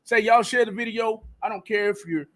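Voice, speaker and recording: A man's voice: sits high, a bit bright. Joking slangy male radio host. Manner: loose, joking, drawn-out slang delivery. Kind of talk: casual live radio chat.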